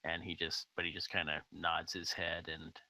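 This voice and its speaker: A man narrating as game master for a tabletop game, relaxed and full of ums. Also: sits low, normal speed, poor audio. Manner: relaxed, filler-heavy narration.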